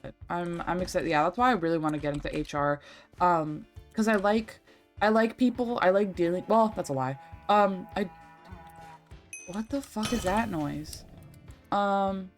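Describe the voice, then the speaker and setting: A woman's voice: fairly low pitch, normal speed, faint music behind. A young woman streaming a game, rambling and chatty, swearing freely as she talks. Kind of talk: casual livestream chat while gaming.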